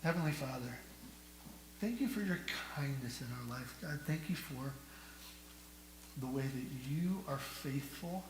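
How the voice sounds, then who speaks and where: A male pastor preaching a sermon, asking the congregation rhetorical questions and moving between hushed and loud delivery. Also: mid-range voice, lively intonation, measured pace, long pauses. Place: church sanctuary. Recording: echoey church hall with faint hum.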